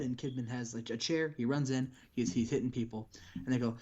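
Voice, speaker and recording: A man's voice: medium pitch, steady tone, brisk, darkish tone, muffled recording. A man co-hosting a game stream, recapping matches in a rambling way with many restarts. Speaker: co-host. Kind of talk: casual game recap chat.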